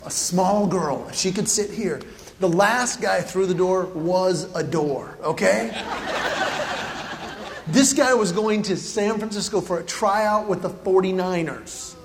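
Before an audience, a man with a high voice recounts a funny episode from his own life at a measured pace, vividly acting out his panic. The recording carries hall reverb and faint background noise.

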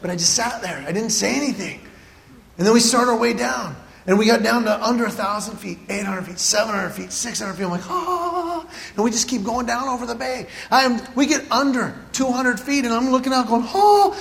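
A man's voice: very high voice, a little fast, gravelly, fairly bright tone. A man telling a humorous personal story to an audience, animatedly acting out his own panic. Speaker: speaker. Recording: hall reverb, faint background noise.

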